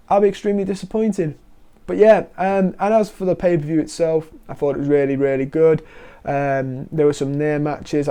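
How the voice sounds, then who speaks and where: A man giving a casual, animated wrestling review as host, quoting wrestlers in quick asides. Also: a little high, clean tone.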